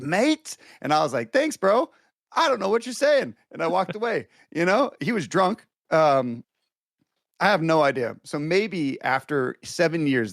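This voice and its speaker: A man chatting as a podcast guest, animated and rambling, full of fillers and false starts. His voice sits at an ordinary middle pitch. The sound is dry and close, with no room around it. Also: dry recording. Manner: animated storyteller, many fillers and restarts. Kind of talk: casual chat.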